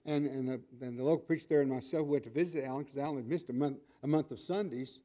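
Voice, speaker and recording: An older man delivering a sermon, telling stories and acting out the voices of the people in them, moving between loud emphatic lines and soft asides. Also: mid-range voice, fast talker. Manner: animated storytelling, acting out voices in quotes. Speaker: preacher.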